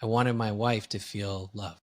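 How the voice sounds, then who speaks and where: A man's voice: fairly low pitch, measured pace. Guy telling stories on a podcast, candid, pokes fun at himself. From Wisconsin, US. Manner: animated, candid, self-deprecating storyteller. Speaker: guest, executive coach. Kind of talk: storytelling in a podcast interview.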